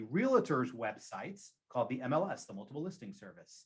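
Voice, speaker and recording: A man with a mid-range voice talks through real estate advice in a relaxed, conversational way. He leans on repetition to drive home his points and speaks with an agent's practiced confidence. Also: medium pitch, fairly quick, few pauses, husky. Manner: emphatic, repeats key phrases for stress.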